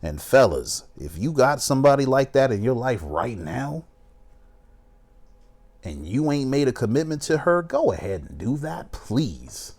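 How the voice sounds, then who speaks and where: A man's voice: medium pitch, very animated, a little slow, a little mellow. A young man, talking in a casual, emphatic way as he reacts to a video and gives advice. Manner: emphatic, preachy, keeps saying "you know what I'm saying". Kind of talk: casual commentary.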